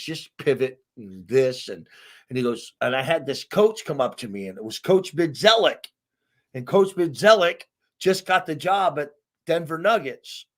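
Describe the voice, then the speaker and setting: Middle-aged man from Arkansas, coach type, animated and emphatic storyteller, mid-range voice. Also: medium pitch. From Arkansas, USA. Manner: emphatic, animated storyteller who acts out quotes. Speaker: basketball coach, guest. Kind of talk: storytelling in an interview.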